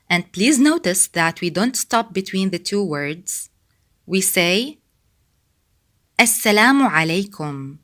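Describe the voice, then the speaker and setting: Woman, Egyptian Arabic accent, pronunciation teacher, careful repetition, unhurried, clear bright tone. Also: mid-range voice. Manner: slow, careful, repeating each sound. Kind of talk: slow pronunciation lesson.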